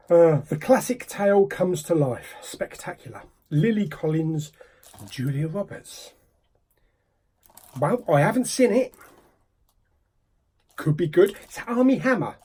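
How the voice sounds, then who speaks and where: A man's voice: on the high side, a bit bright, husky. A man hosting a casual, jokey unboxing vlog, often dropping into whispered asides. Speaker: YouTube host.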